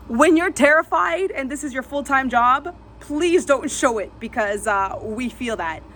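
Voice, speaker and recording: A woman vlogger telling a dramatic personal story vividly, re-enacting sounds and dropping to a hush at tense moments. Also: fairly high pitch, a little hiss or hum.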